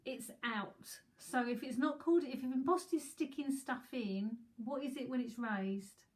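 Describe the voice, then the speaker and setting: A woman's voice: high-pitched, unhurried, poor audio. Chatty, giggly woman in her fifties. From England. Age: 50s. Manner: chatty, giggly, rambling asides. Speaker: psychic medium. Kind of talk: live psychic reading, casual chat.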